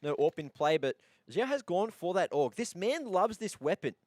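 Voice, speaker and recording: A man calling fast play-by-play on an esports shooter match. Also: sits high, no echo. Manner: excitable play-by-play. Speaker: esports caster. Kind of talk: play-by-play commentary.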